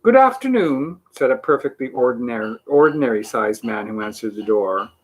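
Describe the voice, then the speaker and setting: A man reading a children's book aloud in an animated way, with small slips and restarts. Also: fairly low pitch, a little fast, husky. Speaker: reader.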